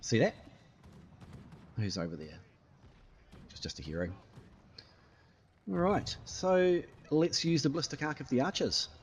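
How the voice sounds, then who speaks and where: A man's voice: on the high side, big pitch swings, a little slow, pauses often, slight background noise. Chatty man narrating his gameplay. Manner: chatty and playful, with sound effects and running remarks. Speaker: gaming YouTuber. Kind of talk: live gameplay commentary.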